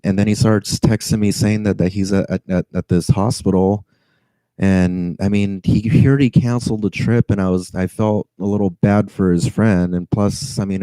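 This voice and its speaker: A man on edge vents a long grievance, sighing, stammering and swearing. His voice sits low and very dark. The sound is close and dry. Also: no room sound, rough recording. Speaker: rideshare driver. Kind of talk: venting story to camera.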